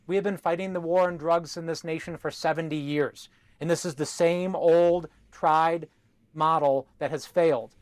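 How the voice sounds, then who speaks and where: A male politician answering a TV interview in an emphatic, speechlike way. His voice sits somewhat high for a man, and the sound is dry and close. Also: fairly even intonation, moderate pace, no echo.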